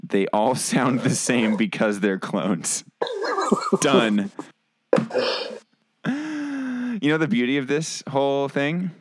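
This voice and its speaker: A man's voice: medium pitch, animated, slow pace, long pauses, slight background noise. A man co-hosting a podcast, bantering playfully and arguing his point, often restarting his sentences. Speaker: podcast co-host and editor.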